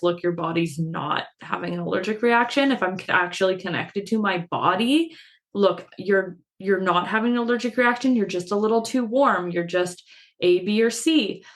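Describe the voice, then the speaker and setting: A woman co-hosting a casual spiritual podcast, chatty and self-mocking, laughing often as she talks. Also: medium pitch. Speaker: podcast co-host. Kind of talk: casual chat.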